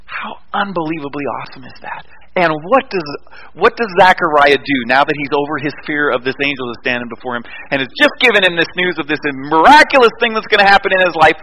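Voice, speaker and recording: A male pastor preaching a conversational sermon, animated and fond of rhetorical questions. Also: fairly high pitch, big-room sound, rough recording.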